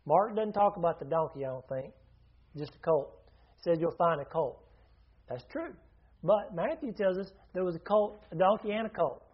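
A man's voice: high voice, slightly rough, highs cut off. A man preaching a sermon in a conversational teaching manner, often asking his listeners questions and restarting his sentences.

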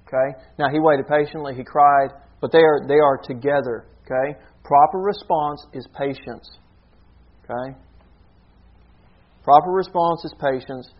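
A man's voice: a little high, fairly even intonation, a little slow, lo-fi sound. A man preaching a sermon in an earnest teaching manner, often checking in with a rhetorical "okay?".

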